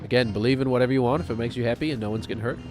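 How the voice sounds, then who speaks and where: A man's voice: medium pitch, rapid-fire, over music. A man streaming a video game, rambling and joking offhandedly as he plays. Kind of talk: gaming stream commentary.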